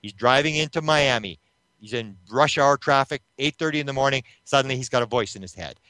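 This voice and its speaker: A man's voice: mid-range voice, fairly quick, clear, resonant tone, dry recording. Dry-voiced man telling a story. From Canada. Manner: animated retelling that acts out quoted voices, with restarts. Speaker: interview guest, UFO researcher. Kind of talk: storytelling in an interview.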